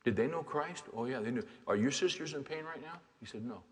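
A male pastor preaching a sermon in a large hall where his voice rings with a long reverb. He sinks into soft, hushed asides, then climbs into loud, fervent exhortation. His pitch sits in an ordinary middle range for a man. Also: lively intonation, fairly quick.

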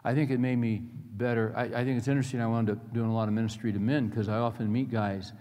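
A man's voice: medium pitch, fairly even intonation, quick pace, warm tone. A middle-aged male pastor preaching a sermon, telling personal stories in earnest, folksy language. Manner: earnest storytelling with plain folksy phrasing. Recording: long reverb of a large hall.

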